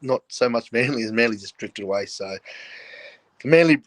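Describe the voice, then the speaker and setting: A man's voice: mid-range voice, expressive, moderate pace, dry recording. An older Australian man, a guest, telling stories frankly in casual chat and laughing often, joining over a video call. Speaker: guest, former rugby league player.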